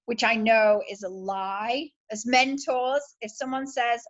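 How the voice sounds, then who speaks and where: A woman's voice: medium pitch, measured pace, few pauses, highs cut off. A woman with a British accent giving an enthusiastic, chatty motivational talk as a sales team leader. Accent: British English.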